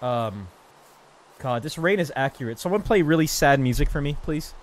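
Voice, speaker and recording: A young man casually streaming a building game, rambling, cracking self-mocking jokes to his chat and counting out loud under his breath. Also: on the high side, lively intonation, moderate pace, soft background music. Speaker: gaming streamer. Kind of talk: casual live-stream commentary while building.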